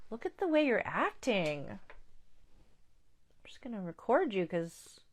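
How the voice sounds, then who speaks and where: A woman's voice: medium pitch, very animated, measured pace. A woman voicing an abusive, gaslighting male partner who shrilly accuses and mocks. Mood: mocking.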